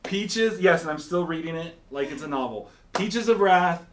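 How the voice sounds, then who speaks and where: A man's voice: fairly high pitch, expressive, moderate pace, slight background noise. A man hosting a casual quiz game, teasing and rambling in playful banter. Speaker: pastor and show host. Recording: echoey room.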